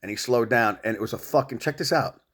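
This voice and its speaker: A man's voice: mid-range voice, quick pace, fairly bright tone. A middle-aged man rambling at home, swearing and confronting an absent rival in a long monologue. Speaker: vlogger.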